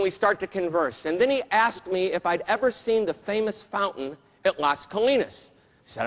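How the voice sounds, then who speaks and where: High-voiced man telling a story in a hall. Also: normal speed. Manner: animated, playful storytelling. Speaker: keynote speaker. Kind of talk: storytelling speech to an audience. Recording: long reverb of a hall.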